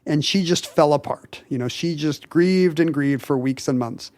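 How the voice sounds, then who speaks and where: A man with a slightly high voice tells a story in casual conversation, stumbling through fillers and quick restarts as he goes. His voice is recorded close and dry, with no room sound. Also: darkish tone, no room sound. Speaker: podcast co-host. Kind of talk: casual chat, telling a story.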